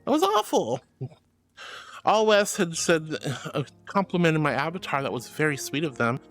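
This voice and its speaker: A woman's voice: sits low, animated, normal speed, faint music behind. A woman streaming live and chatting with her viewers, playful and theatrical, calling them darling and honey. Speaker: virtual streamer.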